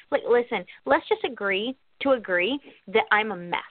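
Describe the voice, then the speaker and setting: A woman with a high, very lively voice co-hosts a casual podcast, bubbly and quick to laugh. The sound is a dry, tinny phone line. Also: no room sound. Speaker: podcast co-host. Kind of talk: casual chat.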